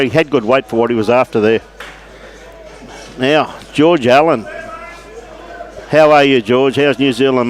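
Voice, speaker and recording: A man with an Australian accent commentates on lawn bowls at an outdoor club green. His voice sits at an ordinary middle pitch, and he talks in a chatty, matey way, calling out greetings to viewers between shots. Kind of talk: live sports commentary.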